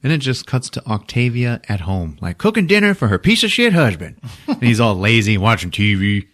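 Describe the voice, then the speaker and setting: A man's voice: medium pitch, brisk. A man hosting a podcast, recapping a movie casually with lots of swearing and 'like'. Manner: animated, profane, full of 'like'. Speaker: podcast host.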